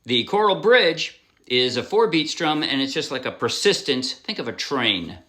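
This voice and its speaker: A man's voice: mid-range voice, sing-song, moderate pace, bright, forceful tone, soft background music. A man giving a casual ukulele lesson, talking in a loose, rambling way, often restarting his sentences and apologizing as he explains. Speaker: ukulele instructor. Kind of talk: casual music tutorial. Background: ukulele playing.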